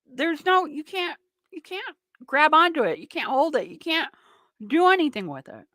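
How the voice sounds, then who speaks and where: A woman's voice: high voice, very animated, moderate pace, sharp tone, dry recording. A woman hosting a political talk radio show, ranting with sarcastic indignation.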